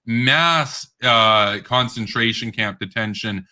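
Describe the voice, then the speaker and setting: A man's voice: medium pitch, slow, crowd noise. A man hosting a heated online debate, combative and interrupting, often laughing scornfully. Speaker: debate host.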